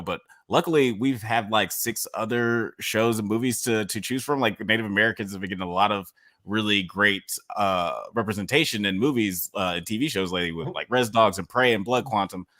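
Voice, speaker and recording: A man's voice: lowish voice, brisk, sharp tone, no room sound, studio quality. A man hosting a casual podcast chat, recapping episodes and asking his co-hosts questions. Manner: leads the discussion with recaps and questions. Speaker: podcast host.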